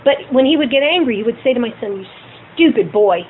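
A woman's voice: high-pitched, quick pace. A middle-aged woman candidly telling personal stories to a group she leads. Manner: candid, animated storytelling with acted quotes. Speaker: group leader. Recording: tinny phone-like sound with faint noise.

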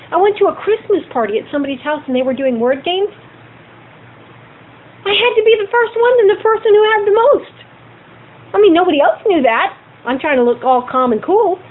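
A middle-aged woman candidly telling personal stories to a group she leads. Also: high-pitched. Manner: candid, animated storytelling with acted quotes. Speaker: group leader. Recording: tinny phone-like sound with faint noise.

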